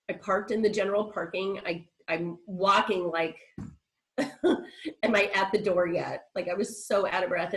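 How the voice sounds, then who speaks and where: A woman's voice: fairly low pitch, low-quality recording. A woman guest speaker on a video call, short of breath and nasal from congestion, telling her story candidly with quoted dialogue. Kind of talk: personal account on a virtual meeting.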